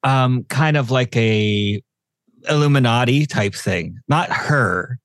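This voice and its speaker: A man co-hosting a casual film podcast, retelling scenes with lively acted-out voices. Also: medium pitch, takes it slowly, dry recording, studio quality. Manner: animated, acts out scenes in quoted voices. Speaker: podcast co-host.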